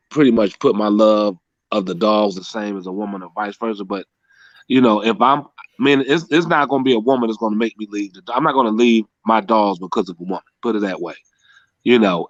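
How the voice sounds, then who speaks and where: A man chatting casually as a podcast guest. He talks in a halting, hedging way, with many restarts and "you know.". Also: fairly low pitch, no echo. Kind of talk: casual chat. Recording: dull, lo-fi, dry sound.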